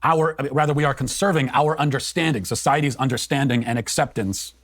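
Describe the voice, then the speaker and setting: Fast-talking man, dry close sound. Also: mid-range voice, no echo. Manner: fast, emphatic, argumentative. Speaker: co-host. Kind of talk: political commentary.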